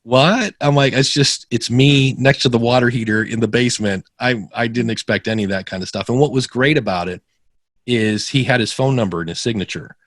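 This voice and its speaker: A man's voice: medium pitch, brisk, no echo, clean studio sound. A middle-aged man guesting on a podcast, telling stories casually and acting out the people he quotes with big jumps in his voice. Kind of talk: casual interview storytelling.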